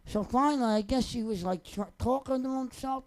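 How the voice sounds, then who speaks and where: A man's voice: extremely high pitch, normal speed, low-quality recording. A young man, a singer telling personal stories off the cuff in a rambling, wry, joking way. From New Jersey. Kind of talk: casual off-the-cuff storytelling.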